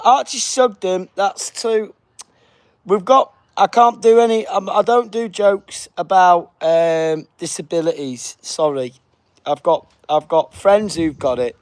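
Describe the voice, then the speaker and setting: A man's voice: high voice, measured pace, dry recording. A man hosting a casual livestream, chatting and reading viewer comments aloud. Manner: chatty, reads viewer comments aloud, says big up yourself; puts on a flight announcement voice. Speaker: livestream host.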